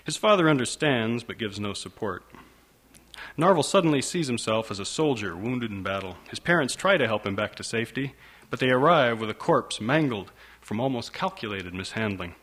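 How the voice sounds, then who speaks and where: A man's voice: medium pitch, lively intonation, normal speed, fairly bright tone. A man reading a story aloud in a dry, wry narration style. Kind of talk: scripted audiobook narration.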